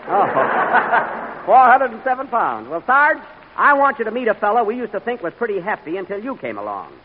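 A man hosting a live radio comedy show, talking with an indignant, halting manner full of uh's. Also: sits high, big pitch swings, narrow, tinny audio. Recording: crackly 1940s radio broadcast with live audience.

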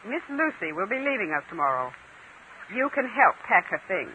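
An actress playing a haughty, scheming heiress in a 1940s radio drama, talking in an imperious, dismissive way. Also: female voice, mid-range voice, sing-song, normal speed, background noise, lightly acted. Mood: cold.

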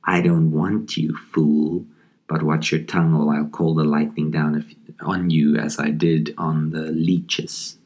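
A man reading out the lines of a scornful, threatening old gypsy witch woman from a comic, slowly and deliberately. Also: rumbling low, level tone, a little mellow.

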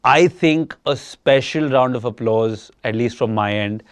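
A young man co-hosting a podcast, telling stories in an animated, casual way and swearing freely. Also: medium pitch, measured pace, smooth, dry recording, studio quality. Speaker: podcast co-host. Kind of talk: casual chat.

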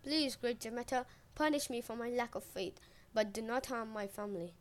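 A woman voicing a devout, protective young queen and mother, shrill when frightened and pleading when humbled. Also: moderate pace, natural voice.

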